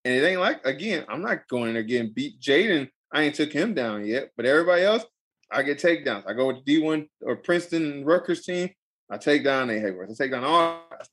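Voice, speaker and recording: Animated man telling a fight story. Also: fairly high pitch, fairly quick. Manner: animated, emphatic, repeats phrases for effect. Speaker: pro fighter guest. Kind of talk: casual storytelling interview.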